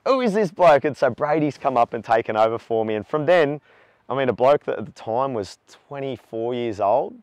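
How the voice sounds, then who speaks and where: A man's voice: mid-range voice, no room sound. An Australian man in his forties, telling his own story in a candid, talkative interview. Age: 40s. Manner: talkative, animated when retelling stories. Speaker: charity walker.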